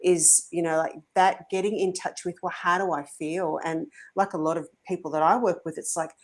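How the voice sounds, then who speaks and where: A woman's voice: on the low side, fairly even intonation, moderate pace. A woman podcast host speaks earnestly and searchingly, with many fillers, in a casual interview chat.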